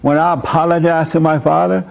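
A man delivers a sermon in a somewhat high voice, with a blunt, emphatic preaching manner. He addresses a gathered audience directly, as a show host used to speaking at length. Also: flat delivery, a little fast, vocal fry, a little mellow. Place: room with a live audience.

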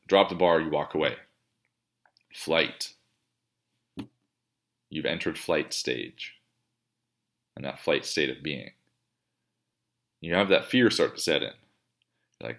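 A man with a low-pitched voice explains training concepts as a coach. His talk is casual and conversational. He swears freely and slips into quoted self-talk to illustrate his point. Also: moderate pace, pauses often, a bit bright. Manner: conversational, profane, acts out inner thoughts.

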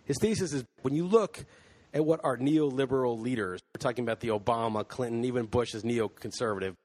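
A man's voice: medium pitch, a little fast, a little mellow. Man ranting heatedly on a podcast. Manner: heated, ranting, swears freely. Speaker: podcast host. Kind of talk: casual chat.

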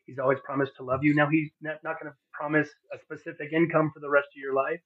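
A man with a slightly high voice talks fast and flat, giving a sincere, heartfelt personal testimony as a guest on a podcast. He fills his speech with fillers and restarts, and the audio sounds narrow, like a phone line.

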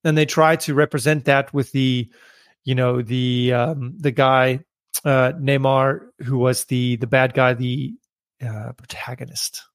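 A man's voice: mid-range voice, level tone, measured pace, dry recording, studio quality. A man hosting a solo podcast, talking casually and thinking aloud with frequent fillers and restarts. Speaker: podcast host.

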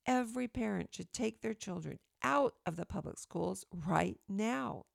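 A woman reading her own opinion essay aloud in an earnest, emphatic, steady way, recorded close to the mic. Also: medium pitch, vocal fry, no echo.

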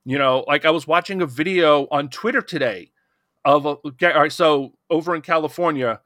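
A man's voice: fairly high pitch, brisk, a bit bright, dry recording. Middle aged guy on a podcast roundtable, worked up, keeps restarting sentences, dry sound. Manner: impassioned, rambling with restarts. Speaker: podcast co-host. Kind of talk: casual roundtable discussion.

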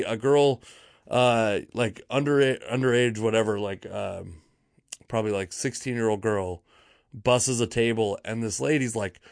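A man of medium pitch tells a comic story in a loose, rambling way. He exaggerates dryly and keeps correcting himself mid-sentence. His voice sounds close and dry, with no room sound. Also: no echo. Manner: rambling, wry, exaggerating for laughs; frequent fillers and self-corrections. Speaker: podcast host. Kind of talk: casual comedic storytelling monologue.

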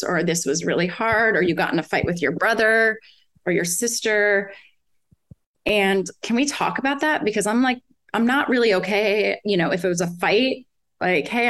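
A woman's voice: medium pitch, fairly bright tone. A woman in her forties, a mother talking earnestly in casual conversation, rambling with restarts and many fillers. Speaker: podcast guest, mother.

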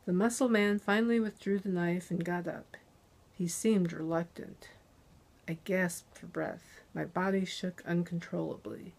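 A woman narrating a thriller audiobook in the first person, with a tense, unhurried delivery. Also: on the low side, fairly even intonation, gravelly, darkish tone.

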